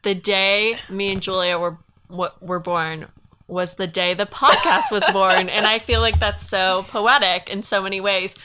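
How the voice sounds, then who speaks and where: Bubbly, clear-voiced woman co-host. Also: medium pitch, measured pace, bright, forceful tone. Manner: bubbly, giggly, rambling. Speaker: podcast co-host. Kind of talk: casual chat.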